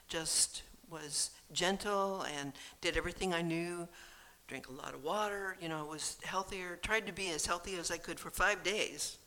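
A speaker giving a gentle, earnest and reflective personal talk. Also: mid-range voice.

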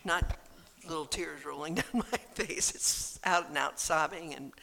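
A speaker giving a gentle, earnest and reflective personal talk. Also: medium pitch, a little slow, vocal fry.

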